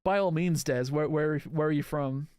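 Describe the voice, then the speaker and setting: Male gaming creator, casual chatter, slightly high voice, clean and resonant. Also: moderate pace, a little mellow, clear, resonant tone, dry recording, studio quality. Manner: rambling, answers chat, restarts often. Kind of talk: casual live gameplay chat.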